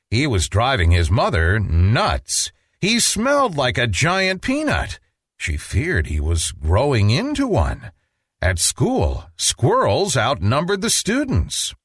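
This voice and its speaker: A man reading a children's storybook aloud in an expressive, playful manner. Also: medium pitch, husky, dry recording, clean studio sound. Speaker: narrator.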